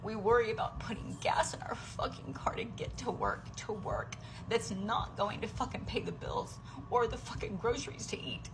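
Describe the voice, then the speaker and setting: A working mother from the United States, venting in an angry, profane, emotional vlog rant that sometimes drops into a breathy whisper. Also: a little high, normal speed, music in the background, poor audio.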